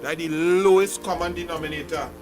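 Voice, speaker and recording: A man's voice: a little high, steady tone, fairly quick, over music. A man with a Trinidadian accent hosting a political call-in radio show, combative and emphatic, hammering points with repeated phrases.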